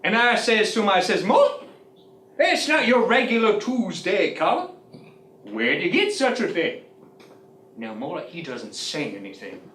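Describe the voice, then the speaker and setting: A man's voice: sits high, sing-song, a little slow, fairly bright tone, a little hiss or hum, full character voice. A man playing a fussy, folksy old deli owner who tells his story in a prim, easily offended drawl. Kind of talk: comic sketch monologue. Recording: roomy sound from a distant mic.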